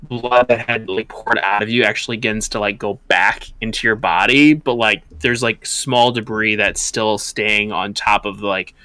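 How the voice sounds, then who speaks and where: A man acting as game master, narrating a tabletop game with lots of fillers. His voice is a little low but very bright and forward. The recording is dry and close-miked. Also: fairly even intonation, moderate pace, few pauses, no echo. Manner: descriptive, filler-heavy narration with many "like"s.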